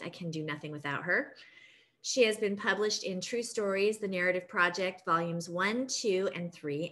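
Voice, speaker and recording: A woman's voice: lowish voice, a bit bright. A woman hosting a group reading, reading out short introductions of each author. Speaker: host introducing readers.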